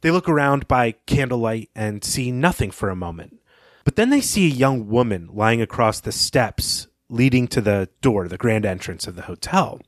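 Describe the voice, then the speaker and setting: A man's voice: medium pitch, animated, moderate pace, dry recording, clean studio sound. A man co-hosting a book podcast, recapping and discussing a story in a conversational way. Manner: conversational, with fillers and occasional laughs.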